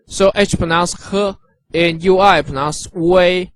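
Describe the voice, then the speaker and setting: A man teaching characters and their pronunciation, patient and encouraging, repeating each sound slowly. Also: high-pitched, no echo. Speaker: language teacher. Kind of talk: instructional narration.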